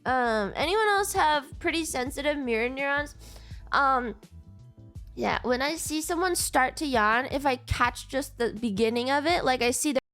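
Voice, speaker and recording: A woman's voice: high voice, moderate pace, fairly bright tone, soft background music. A young woman streamer, freshly woken and sleepy, chatting casually with viewers, giggling and swearing. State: sleepy, just woke up. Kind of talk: casual livestream chat.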